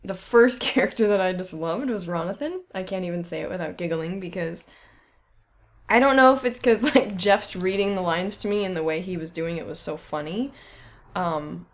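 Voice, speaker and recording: A woman chatting casually in an interview about making a film, giggling often as she talks. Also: on the low side. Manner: giggly, chatty, quick to laugh. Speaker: filmmaker interviewee.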